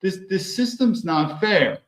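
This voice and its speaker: Man putting on a high-voiced naive young woman, pleading and indignant, dull echoey room. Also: animated, slow pace, a bit bright, full character voice.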